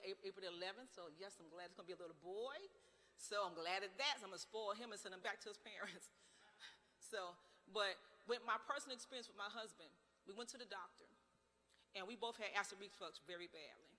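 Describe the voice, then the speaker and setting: Impassioned woman, ringing bright voice. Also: mid-range voice. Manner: impassioned, storytelling, rhetorical questions. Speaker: political candidate. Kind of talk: campaign speech. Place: large church sanctuary. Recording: long church hall reverb.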